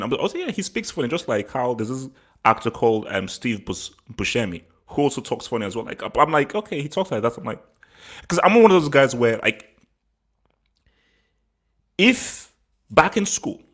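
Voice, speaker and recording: A man's voice: medium pitch, animated, normal speed, long pauses, fairly bright tone. A man from England hosting a football channel, giving his opinion in a rambling, casual vlog with frequent laughs and repeated words.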